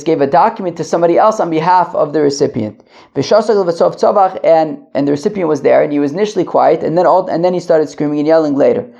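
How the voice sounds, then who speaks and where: Male Talmud teacher, gravelly edge, muffled lo-fi sound, halting delivery with many restarts while pacing. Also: a little high, dark tone. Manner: halting, many restarts and fillers, Yiddish-flavored study terms. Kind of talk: daily Talmud lesson, translating line by line. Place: pacing at the edge of a wedding hall.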